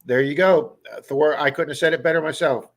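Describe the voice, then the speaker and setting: A man from the Baltimore area hosts a casual livestream, chatting in a Baltimore accent and answering viewers' comments by name. His voice is on the high side and steady, and he talks fairly quickly.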